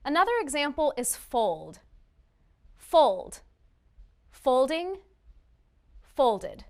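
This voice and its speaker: A woman teaching English spelling in a scripted lesson, enunciating each word deliberately for learners. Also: high-pitched, fairly bright tone.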